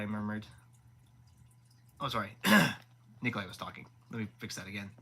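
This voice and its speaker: A man's voice: lowish voice, expressive, normal speed, vocal fry, long pauses, bright, forceful tone, husky, low-quality recording. A man reading a novel aloud live, often stumbling and rereading words. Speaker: audiobook reader.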